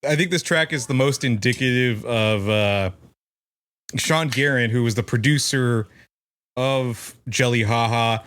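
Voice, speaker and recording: A laid-back man co-hosts a casual podcast, speaking in an easy conversational tone. His voice sits at an ordinary middle pitch. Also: measured pace, a bit bright. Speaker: podcast co-host. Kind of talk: casual chat.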